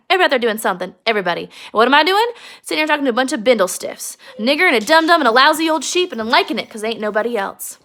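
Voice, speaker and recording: A bitter, lonely young ranch wife, scornful and boastful, as a woman puts her on. Her voice rides high, with a gravelly rasp under the sneer. She mocks and threatens the men around her in a storybook reading. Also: a bit bright.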